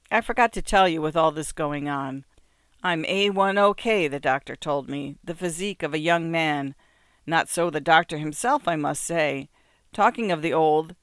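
A man reading an audiobook, voicing a cheerful, soothing older husband with a bright, lively delivery. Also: on the high side, clear, resonant tone, no echo, clean studio sound, close to an everyday voice. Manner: jovial, reassuring.

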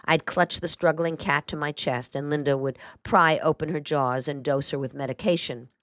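A woman with a low, deep speaking voice narrates a first-person memoir in a dry, even way. The sound is close and dead, with no room around her. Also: normal speed, no echo. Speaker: audiobook narrator.

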